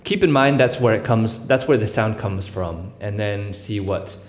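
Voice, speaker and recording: Man, lowish voice, casual tutorial talk, fillers, echoey room with long reverb. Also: normal speed. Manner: relaxed, explains step by step with many fillers, breaks into vocal sound demos. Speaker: beatbox tutor.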